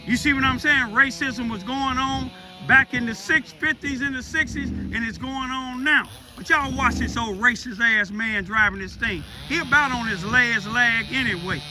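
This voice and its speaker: A man's voice: very high voice, normal speed, few pauses, over music. An older man, hosting an angry livestream rant, indignant and preaching, repeatedly asking if listeners see what he means. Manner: indignant, repetitive, preaching, keeps asking "you see what I'm saying". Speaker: livestream host.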